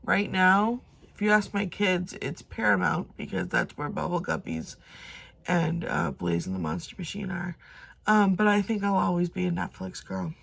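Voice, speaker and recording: A woman's voice: on the low side, big pitch swings, moderate pace, gravelly, fairly bright tone. A woman in her thirties chatting casually to camera at home, rambling and talking herself through her plans with many fillers. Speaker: cash budgeting vlogger.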